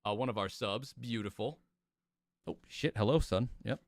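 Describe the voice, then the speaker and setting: A man's voice: fairly low pitch, normal speed. A young man streaming, chatting casually and rambling with his viewers, laughing often. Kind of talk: casual livestream chat.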